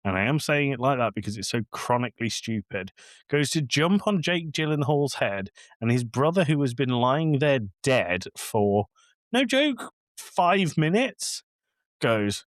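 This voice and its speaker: A man with a medium-pitched voice co-hosts a podcast and talks casually about a film. Exasperated, he rants and acts out lines from it. There's no echo, and the recording is studio quality.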